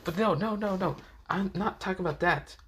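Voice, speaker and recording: A man's voice: high voice, fairly quick, fairly bright tone, breathy edge, pitched above the performer's own voice. A man voicing a brash young woman in a fan story, talking in a raised, pleading and defensive way. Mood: insistent.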